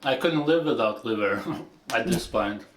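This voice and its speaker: A man's voice: medium pitch, animated, unhurried. A man speaking earnestly and matter-of-factly in a casual vlog. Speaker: video blogger being reviewed. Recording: roomy clip with faint noise.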